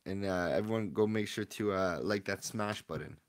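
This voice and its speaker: Young man, livestream host, casual slangy chatter, quiet mumbles broken by sudden yells, voice a little low. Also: moderate pace. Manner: jumps between quiet mumbling and sudden loud yelling; laid-back slangy banter with chat. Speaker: livestream host opening card packs.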